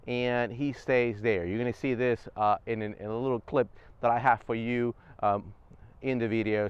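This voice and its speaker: A man's voice: mid-range voice, clear, resonant tone, no echo, dull audio. A man casually explaining service dog training step by step in a vlog, recorded on a clip-on wireless mic.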